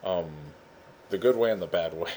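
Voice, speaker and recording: A man running a casual screen-share software tutorial, goofy and rambling with lots of fillers. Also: sits low, moderate pace. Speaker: instructor.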